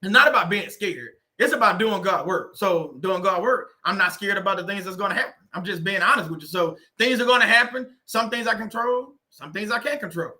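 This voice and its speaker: A man's voice: sits high, lively intonation, a little fast, hardly any pauses, pushed and bright. A man hosting a casual livestream, laughing often and reading viewers' comments aloud. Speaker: livestream host.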